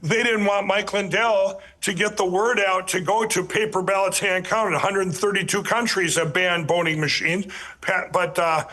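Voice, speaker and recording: Sharp in tone and sitting high, his voice keeps a fairly even intonation at a moderate pace. As a podcast guest recounting his life, he rambles earnestly and emphatically, with frequent restarts and repeated words, and addresses the audience directly.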